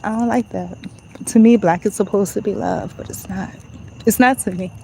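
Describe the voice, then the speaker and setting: Strolling outside after dark, a woman vlogs into her phone in a casual walk-and-talk monologue, musing aloud and saying "you know" a lot. Her mid-range voice is gravelly, warm, and steady at a normal speed, and the rough recording carries slight background noise.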